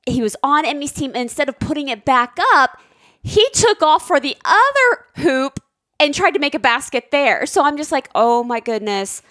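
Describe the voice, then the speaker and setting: A high, lively woman's voice rises and falls sharply as she tells a story and acts out the lines. The sound is dry and close, with no room at all. She sounds like a co-host in her thirties chatting with her husband. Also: no echo. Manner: animated, acts out quotes with big pitch jumps. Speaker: podcast co-host, parent. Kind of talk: casual storytelling chat.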